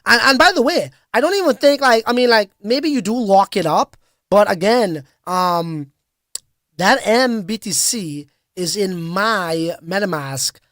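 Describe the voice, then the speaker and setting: A man's voice: high voice, expressive, measured pace, a bit bright, no echo. A man hosting a casual crypto livestream, talking loosely and reading out viewer comments. His delivery is slangy and hyped, full of fillers and restarts. The sound is dry and close, with no room around it. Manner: casual, slangy, hype-driven with frequent fillers.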